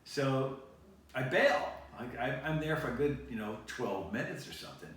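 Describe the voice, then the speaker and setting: A man's voice: mid-range voice, expressive, normal speed, fairly bright tone. A man hosting a show, telling long rambling anecdotes and correcting himself as he goes. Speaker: show host. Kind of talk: casual storytelling to camera. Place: studio. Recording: echoey room, picked up from a distance.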